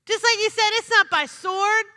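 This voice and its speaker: A woman's voice: very high-pitched, steady tone, normal speed, bright, forceful tone. A woman preaching a sermon in a church, emphatic, repeating her phrases and asking the congregation "Amen?". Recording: long hall reverb.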